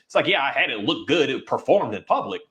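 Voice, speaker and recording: A man talking casually about his own dogs, animated, often restarting sentences and acting out what people said. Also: medium pitch, fast. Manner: animated storytelling with many restarts and acted quotes. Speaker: guest dog owner. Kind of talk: casual conversation.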